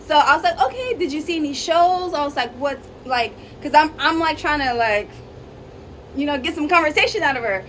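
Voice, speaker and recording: A woman telling a casual storytime on her vlog, chatty and animated with lots of fillers. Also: sits high, a little fast, slight background noise, rough recording. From Arizona, USA. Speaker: vlogger.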